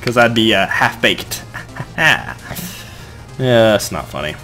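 A young man giving casual gameplay commentary, rambling and joking, with sudden excited outbursts when things go wrong. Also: lowish voice, moderate pace, soft background music. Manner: excitable, rambling, shouts in bursts of frustration. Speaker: let's play gamer.

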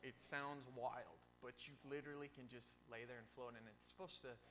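Young guy youth pastor, bright voice, chatty and jokey, big echoey church with a little hum. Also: mid-range voice, steady tone, normal speed. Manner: casual, joking, asks the audience questions. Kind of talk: youth sermon. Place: church sanctuary. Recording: long church reverb, faint hum.

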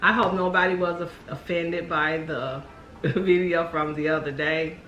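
A woman's voice: on the low side, fairly even intonation, a little slow, a bit bright, highs cut off, slight background noise. A middle-aged woman chatting casually over a meal, playful and motherly, teasing her son. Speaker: guest, mother of the host. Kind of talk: casual mukbang chat. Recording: echoey room, music behind.

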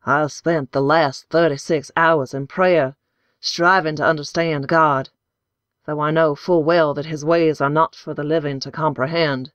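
A woman voicing a fervent male preacher with a hoarse voice, speaking in a solemn, preaching cadence in an audiobook. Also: deep voice, fairly even intonation, unhurried, dry recording. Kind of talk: audiobook character voice.

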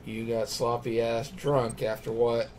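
This let's play gamer works through a story game, reading the characters' lines aloud before choosing which dialogue option to take. His mid-range voice has a darkish tone, moves little in pitch, and runs a little slow, with a faint hiss or hum.

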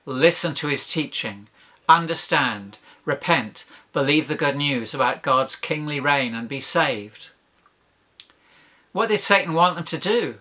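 A man's voice: a little high, animated, unhurried, pushed and bright. A man preaching a sermon, emphatic, building points with rhetorical questions and lists.

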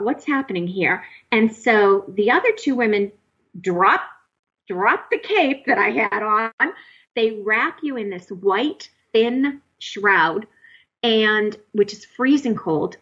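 A woman guest recounting a personal experience in a halting, emotional way, with many fillers and restarts. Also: mid-range voice, fairly bright tone, breathy edge, lo-fi sound. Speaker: guest telling her experience.

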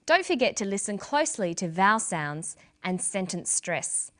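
A woman presenting a scripted English lesson, speaking clearly and carefully as a teacher. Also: medium pitch, sing-song, moderate pace, fairly bright tone. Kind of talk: scripted instructional narration.

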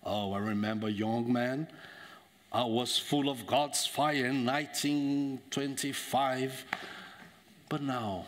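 A man preaching in a church, voicing a nostalgic older man who recalls his past faith slowly and wistfully. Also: mid-range voice, steady tone, lightly acted.

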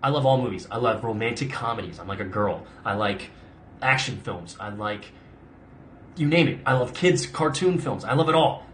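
A young adult man answers viewer questions at a moderate pace in an animated, mid-range voice that's a bit bright. He's an actor hosting a casual live Q&A, chatty and rambling with frequent "like" and restarts, over slight background noise.

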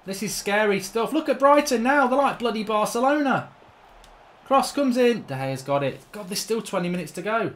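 A man with a rather high voice narrates his gameplay as a channel host. He rants in exasperation and swears freely. He grumbles under his breath one moment and yells in disbelief the next. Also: big pitch swings, normal speed. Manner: exasperated ranting, frequent swearing, swings from mutters to shouts. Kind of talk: live gameplay commentary.

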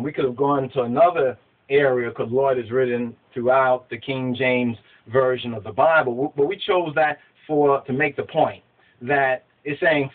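A man giving a spiritual teaching, emphatic and repetitive, asking his listeners rhetorical questions. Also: medium pitch. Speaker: religious teacher. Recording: phone-like narrow sound.

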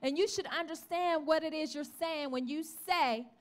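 A woman preaching a sermon testimony to a church, telling her story in an animated way and calling out to the congregation. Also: high voice, moderate pace. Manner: calls out to the congregation.

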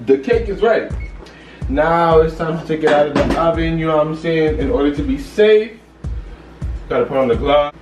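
A man's voice: on the high side, a little fast, highs cut off, over music. A man hosting a casual vlog in a home kitchen, joking and teasing in loose banter. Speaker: vlog host. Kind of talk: casual chat.

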